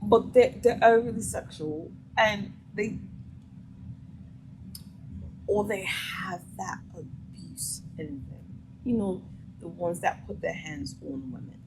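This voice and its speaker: A woman's voice: medium pitch, fairly even intonation, unhurried, background noise. A woman hosting a vlog, reacting to a clip with blunt, emphatic opinions in a casual way. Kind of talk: casual commentary.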